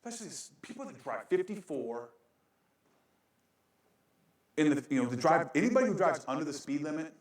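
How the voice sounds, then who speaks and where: A man's voice: a little high, big pitch swings, a little fast, pauses often, distant mic. A male pastor preaching a sermon with a joking, self-mocking manner and frequent laughs, recorded in a church sanctuary. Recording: very echoey church room.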